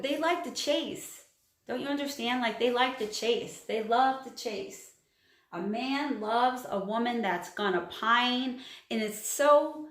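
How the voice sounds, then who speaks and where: A woman's voice: fairly high pitch, a bit bright, roomy sound. A woman giving a casual astrology reading, chatty and emphatic, repeating her points and laughing at herself. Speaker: astrology channeler. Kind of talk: casual tarot-style reading to camera.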